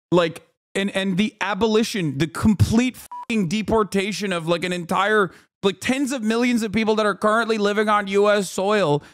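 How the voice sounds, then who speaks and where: A man's voice: high voice, clean tone. A man in his thirties giving casual reaction commentary on a stream, emphatic and incredulous, swearing heavily.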